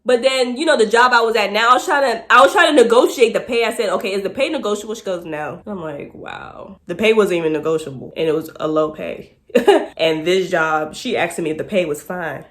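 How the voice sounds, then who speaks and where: A woman tells a story straight to her viewers in a loose, chatty way. She laughs often, and she jumps into high voices whenever she acts out what other people said. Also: a little fast, a bit bright. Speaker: vlogger. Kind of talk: casual storytelling to camera.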